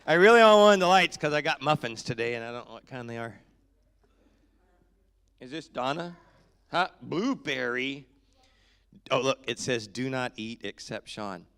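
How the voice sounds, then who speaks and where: A man from Kentucky, a pastor, greeting his congregation in a relaxed, joking, chatty way from the front of a church. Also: mid-range voice, slow pace, long pauses, smooth, a faint crowd. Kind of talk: casual church service welcome. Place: church sanctuary.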